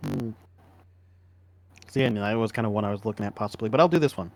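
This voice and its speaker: A man co-hosting a casual sports podcast, relaxed and agreeable, humming as he thinks aloud. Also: fairly low pitch, quick pace, vocal fry. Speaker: podcast co-host.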